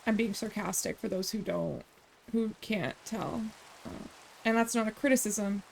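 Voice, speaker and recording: A woman's voice: medium pitch, moderate pace, creaky, slight background noise. A woman streaming a game, chatting casually in a rambling way, with sarcastic asides. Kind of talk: casual gameplay chat.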